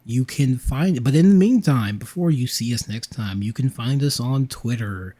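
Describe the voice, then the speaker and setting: A man's voice: mid-range voice, normal speed, dark tone. A man hosting a casual podcast, laid-back and slangy with casual swearing, sleepy and with a sore throat. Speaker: podcast host. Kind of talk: casual late-night podcast chat.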